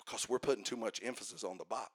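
A man preaching a sermon to a congregation, building to fervent shouts and calling for responses. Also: on the low side, rapid-fire, no room sound, clean studio sound. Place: church service.

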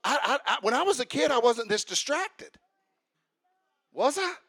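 Male preacher, high-pitched, sharp bright tone, playful, calls out to the crowd. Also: very animated, moderate pace, no room sound. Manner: humorous, calls out to the congregation; builds to shouted emphasis. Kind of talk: sermon.

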